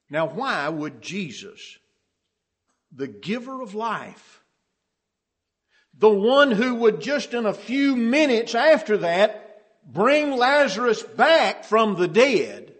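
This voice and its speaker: A male preacher with a somewhat high voice delivers a sermon at an unhurried pace. He draws out his phrases deliberately and lifts his voice to stress the key points. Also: a bit bright. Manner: slow, measured delivery with rising emphasis on key phrases.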